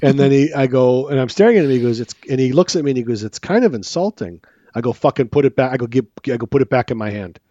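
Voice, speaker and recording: A man's voice: medium pitch, lively intonation, fast talker, mellow, dry recording. A man on a podcast telling a rambling, profane story, acting out his own lines and repeating himself as he goes. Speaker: podcast co-host. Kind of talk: casual storytelling chat. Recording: dull lo-fi recording.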